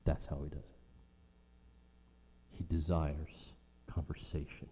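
A male pastor delivering a sermon, slow and emphatic, with rhythmic repetition, in a church. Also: a bass voice, level tone, dark tone, a little hiss or hum. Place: church sanctuary. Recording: long reverb of a large hall.

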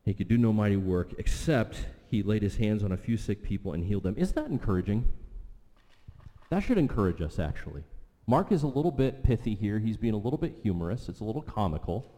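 A man preaching a sermon, his voice low-pitched and mellow. He presses his points and repeats key lines for weight. The sound rings with the long reverb of a large hall. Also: expressive, a little fast. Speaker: pastor.

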